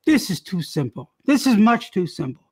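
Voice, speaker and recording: A woman's voice: medium pitch, big pitch swings, moderate pace, darkish tone, slightly rough. A woman improv performer on a video call, rambling through meandering tangents in an improvised comedy rant.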